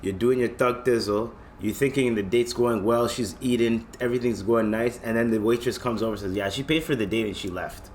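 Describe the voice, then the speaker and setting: A man's voice: mid-range voice, fairly quick, few pauses, slight background noise. A man hosting a podcast in loose, slangy casual chat, often checking in with listeners. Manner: loose, slangy, keeps asking "you know what I mean". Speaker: podcast host.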